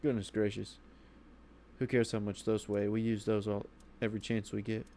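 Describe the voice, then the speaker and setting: A man's voice: lowish voice, level tone, moderate pace, dark tone, slight background noise. A man giving casual, rambling commentary as he plays a video game, talking to himself. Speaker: gaming streamer.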